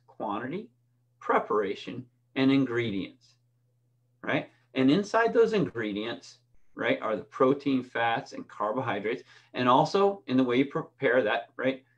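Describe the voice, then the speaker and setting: A middle-aged man coaching swimmers in an informal lesson. He talks conversationally in a voice of middling pitch, weaving in stories, stumbling into restarts and tagging points with "right?". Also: muffled recording. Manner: conversational, restarts often and keeps asking "right?". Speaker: swim coach. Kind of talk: instructional talk with personal stories.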